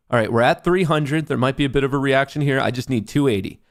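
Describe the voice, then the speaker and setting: A man hosting a live trading stream, excitable and profane, cheering his trades on, boasting, then plainly explaining a sponsor's service. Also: medium pitch, fast, few pauses. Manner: brash and boastful. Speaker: livestream host, day trader.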